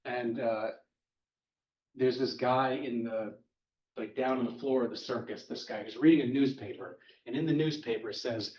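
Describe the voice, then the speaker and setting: A man's voice: medium pitch, moderate pace, a little mellow. Wry man recapping a comic, roomy. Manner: chatty, wry, speeding through plot points. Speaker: podcast host recapping a comic. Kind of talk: casual comic-book recap. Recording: roomy, distant, dull-sounding mic.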